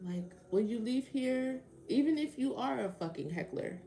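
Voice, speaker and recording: A woman's voice: a little high, lively intonation, normal speed, gravelly, mellow, a little hiss or hum. A woman doing a tarot reading on a casual livestream, talking back to chat commenters with a sarcastic, swearing edge. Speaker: tarot reader answering a live chat.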